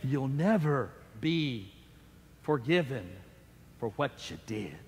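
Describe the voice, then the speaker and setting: A man voicing a sly, condemning demonic inner voice, speaking low, slow and hushed in a reverberant church sanctuary. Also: very animated, slight background noise. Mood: hushed menace.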